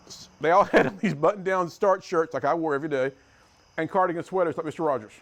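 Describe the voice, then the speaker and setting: This middle-aged American is a fast talker with a fairly high pitch, giving a story-filled motivational talk to a youth group. As a youth speaker, he swings between loud passages and hushed ones.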